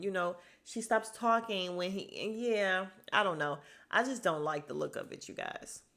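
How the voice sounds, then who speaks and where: A woman casually recapping a reality show episode for her viewers, slangy and candid, acting out the lines with big jumps in her voice. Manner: animated, acts out quotes with big pitch jumps; slangy and candid, with frequent swearing.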